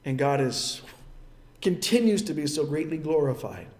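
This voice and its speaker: A man's voice: a little high, animated, moderate pace, a little mellow, roomy sound. A man preaching a sermon as a pastor, telling a story in an earnest, emphatic way.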